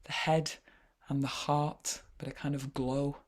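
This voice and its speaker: A woman with a Yorkshire accent leading an online poetry workshop over a video call, chatty and wry, often pausing with "uh". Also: sits low, flat delivery. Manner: chatty, wry, frequent hesitations.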